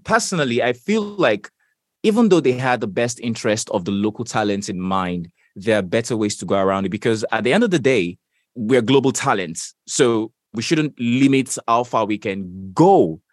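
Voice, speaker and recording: A young Nigerian man speaks with a Nigerian accent, his pitch rising and falling in a lively, animated way as he stresses key phrases. He sounds measured and emphatic, recorded close and dry with no room around him. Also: no room sound. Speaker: voiceover artist guest. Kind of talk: interview answers.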